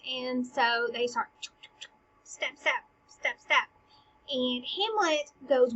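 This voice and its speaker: A woman's voice: on the high side, a little slow, fairly bright tone, slightly rough. A woman retelling a play scene by scene in a casual teaching style, paraphrasing the lines in modern slang and often dropping to a whisper. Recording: dull lo-fi recording.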